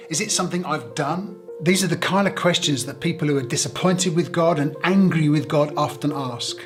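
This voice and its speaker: A man's voice: on the high side, brisk, soft background music. An English man preaching a sermon as a pastor, earnest and conversational, asking rhetorical questions.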